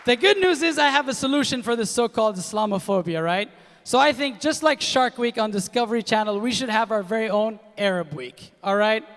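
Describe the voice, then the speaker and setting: A young man from Kuwait performs stand-up comedy, animated and slipping into other people's voices as he tells his stories. His voice sits high, and the live show rings with long hall reverb. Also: fairly quick, a faint crowd. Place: comedy stage in a large hall with a live audience.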